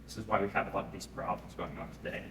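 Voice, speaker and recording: A man giving a live pitch presentation to an audience, conversational and often checking in with them. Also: steady tone, rapid-fire, a bit bright, slight background noise. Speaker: startup founder pitching. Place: event room. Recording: echoey room, mic at a distance.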